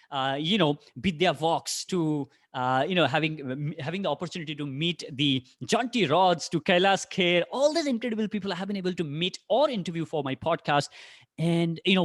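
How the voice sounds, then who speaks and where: A man with an Indian English accent speaks in a fairly high, lively voice, addressing an online conference crowd with question after question. The recording is dry and close, with no room sound around him. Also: dry recording. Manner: animated, addresses audience directly with many rhetorical questions. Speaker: podcaster giving a career talk. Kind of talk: energetic online conference talk.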